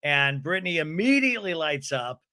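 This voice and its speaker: A man hosting a podcast, telling an animated, gossipy comedic recap of a reality TV episode. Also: fairly high pitch, moderate pace. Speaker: podcast host.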